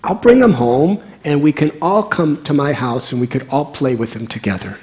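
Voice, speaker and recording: A man voicing a sweet-natured little boy who speaks gently and pleadingly. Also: fairly high pitch, animated, normal speed, natural voice. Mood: gentle.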